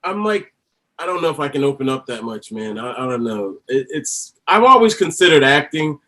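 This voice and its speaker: A man telling stories as a podcast guest, animated and laughing often. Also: mid-range voice, normal speed. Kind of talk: casual interview chat.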